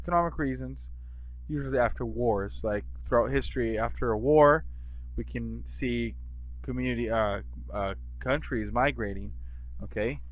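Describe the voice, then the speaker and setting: A man teaching an English class in a relaxed, chatty way, often checking in with his listener. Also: mid-range voice, normal speed, muffled recording. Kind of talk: conversational English lesson.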